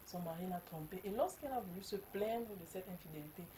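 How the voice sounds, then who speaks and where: A woman, a marriage counselor explaining a case in a measured way on a talk show. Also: fairly low pitch, expressive, noisy background.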